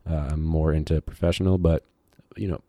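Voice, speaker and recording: A man who teaches high school, talking in a rambling, casual podcast monologue full of fillers and digressions. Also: flat delivery, brisk, warm tone, no room sound, studio quality.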